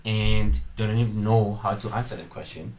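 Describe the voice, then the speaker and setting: A man's voice: fairly low pitch, normal speed, darkish tone, a little hiss or hum, rough recording. A man hosting a casual studio chat, teasing and laughing as he talks. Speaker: show host.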